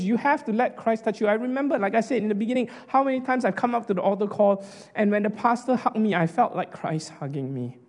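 A man preaching an emotional sermon as a pastor, earnest and halting, often restarting his sentences. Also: sits high, darkish tone, long reverb tail. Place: hall.

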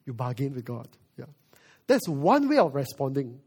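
A male pastor preaching a sermon, moving from quiet reflection to loud emphasis. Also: medium pitch, sing-song, normal speed, husky.

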